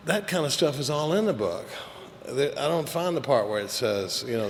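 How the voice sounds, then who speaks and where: A man's voice: mid-range voice, brisk. Profane, joking man in a hall. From Texas. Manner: candid, joking, profane, rambling with many fillers. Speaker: AA speaker. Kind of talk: recovery meeting talk. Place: meeting hall. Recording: echoey hall recording with faint hiss.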